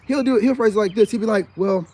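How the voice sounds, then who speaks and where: Man, high-pitched voice, boastful, defiant, rambling rant, outdoors. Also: very fast, dark tone, breathy edge. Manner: repeats filler asides often. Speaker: self-styled life coach vlogger. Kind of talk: unscripted rant to camera.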